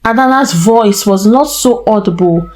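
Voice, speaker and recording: A woman storyteller narrating a folktale in a slow, deliberate way. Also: medium pitch, darkish tone, rough recording.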